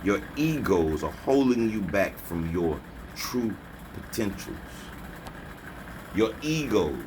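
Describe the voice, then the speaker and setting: Forceful taunting man preaching a rant. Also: on the low side, sing-song, slow, noisy background. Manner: taunting, forceful, scolding listeners; repeats slogans, mocking laughter. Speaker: spiritual vlogger.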